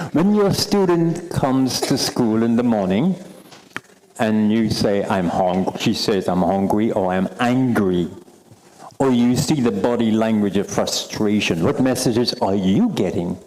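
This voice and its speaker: A man with a Bahamian accent presenting a workshop to a live audience, animated and teasing, repeating phrases for emphasis. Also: fairly low pitch, a little slow, a little hiss or hum, rough recording. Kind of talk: interactive workshop talk. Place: meeting room with live audience.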